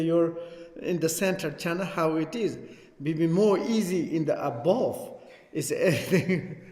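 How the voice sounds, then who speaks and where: Slow-speaking teacher in an echoey hall. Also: male voice, fairly high pitch, darkish tone. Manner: halting non-native English, chuckles often, recites text in Tibetan. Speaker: Buddhist teacher. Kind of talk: Dharma teaching with chanted recitation. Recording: echoey hall with long reverb.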